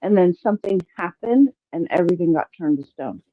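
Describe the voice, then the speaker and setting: A woman's voice: fairly low pitch, lively intonation, a little fast, no echo. A woman joining a casual chat as a guest, hesitant with many fillers and restarts. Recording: tinny phone-like call line.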